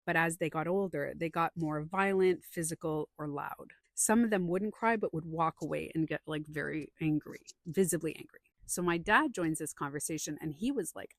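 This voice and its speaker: Speaking in a deep voice at a moderate pace with few pauses, a female podcast host gives casual opinion talk about feelings. She tells stories with animation and acts out people's quotes, recorded in studio quality with no room sound.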